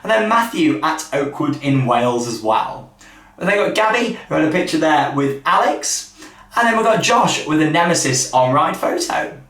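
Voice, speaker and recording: A man hosts a casual theme park news roundup in an upbeat, chatty way, tossing in quick asides. His voice sits a bit high. He sounds a little away from the mic, in a roomy, echoey hotel room. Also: big pitch swings, a bit bright, distant mic.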